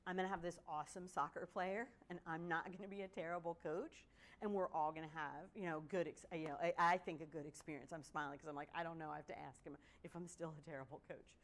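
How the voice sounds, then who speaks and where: A woman giving a workshop talk, telling stories in an animated way and often asking "right?". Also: deep voice, quick pace. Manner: animated storytelling with frequent "right?". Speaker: guest speaker. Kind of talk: workshop presentation.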